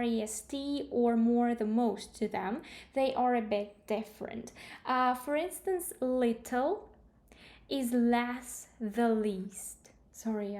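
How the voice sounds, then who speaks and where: Slow, mellow-voiced woman teaching English. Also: fairly high pitch. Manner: slow, careful explaining with glosses in another language. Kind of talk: grammar lesson explanation.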